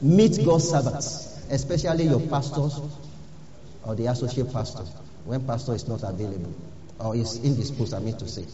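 A man's voice: medium pitch, moderate pace, a crowd in the background. A man preaching a sermon as pastor, earnestly urging his listeners and repeating key phrases. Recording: echoey hall, dull lo-fi sound.

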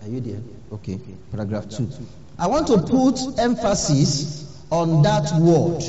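High-voiced slow preacher, echoey hall. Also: male voice, sing-song, dark tone, slight background noise. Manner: earnest exhortation, repeats key phrases. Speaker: pastor. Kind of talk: sermon. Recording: echoey hall, dull lo-fi sound.

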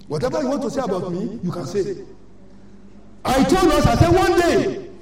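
An older woman with a Nigerian accent, a church elder, preaches a sermon in an emphatic, repetitive, scolding manner. Her voice is on the high side with a warm tone, heard from far off in an echoey, large church hall.

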